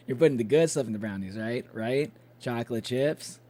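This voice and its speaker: A man's voice: mid-range voice, fairly quick, hardly any pauses, dark tone. A young man chatting casually with his live-stream chat, loose and swearing, with plenty of fillers.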